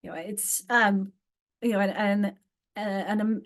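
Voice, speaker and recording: A woman's voice: medium pitch, a little fast. A woman leading a teacher training on literacy, talking through grammar examples with many restarts and rhetorical tag questions. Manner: animated, many restarts and fillers. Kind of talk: live teacher training lecture.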